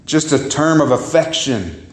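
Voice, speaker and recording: In a church sanctuary with an echoey sound, a pastor preaches a sermon, very animated and unhurried. He's emphatic, swings his pitch high and low, repeats words, and calls the congregation "guys" and "beloved".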